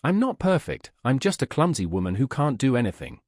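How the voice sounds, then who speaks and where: A man reading the lines of a reserved, socially awkward young woman mage in a comic recap, in his own husky voice. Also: medium pitch, sing-song, a little fast, a little mellow, no echo, clean studio sound. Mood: subdued.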